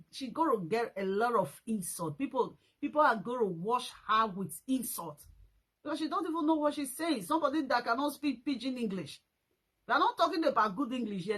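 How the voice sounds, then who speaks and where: A woman's voice: fairly high pitch, a bit bright, slightly rough, rough recording. A Nigerian woman vlogging a scolding rant, repeating her points and mixing in pidgin slang. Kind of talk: ranting commentary vlog.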